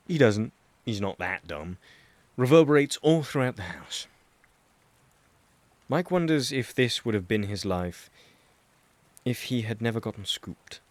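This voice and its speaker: A man narrating an audiobook, reading a chapter of fan fiction in a steady, even storytelling manner. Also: fairly low pitch, no echo.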